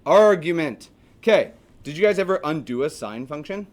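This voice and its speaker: A man's voice: a little high, animated, moderate pace. Joking, chatty man teaching math. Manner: jokey, chatty, asks the class questions. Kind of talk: classroom lecture.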